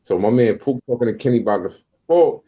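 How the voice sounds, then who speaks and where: A man from Queens in his forties with a New York accent, a podcast guest telling stories in a casual, streetwise, animated way. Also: medium pitch, quick pace, phone-quality sound. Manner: animated, streetwise storyteller who acts out quotes. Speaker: guest rapper and producer.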